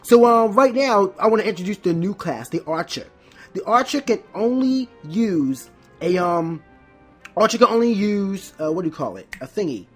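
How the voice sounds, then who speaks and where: A Let's Play host talking through a game in a casual, explaining way, at a middle pitch. The delivery is full of small stumbles, restarted words and "um"s. Soft game music sits faintly underneath. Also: expressive, normal speed, breathy edge. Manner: stumbles and restarts often, many fillers. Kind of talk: casual gameplay commentary.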